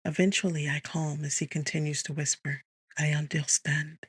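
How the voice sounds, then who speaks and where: A woman reading a first-person romance audiobook in a hushed, intimate, tense voice on a close studio mic. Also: sits low, fairly even intonation, brisk, husky, dry recording. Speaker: audiobook narrator. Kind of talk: first-person scripted narration.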